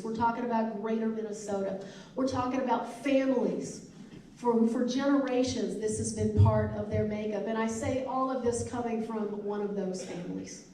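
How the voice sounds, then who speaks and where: A woman's voice: a little high, mellow, far from the mic, slight background noise. Southern-accented woman speaking in an echoey hall. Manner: emphatic, repetitive oratory. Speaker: congresswoman at a town hall. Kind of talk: town hall speech. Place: elementary school hall.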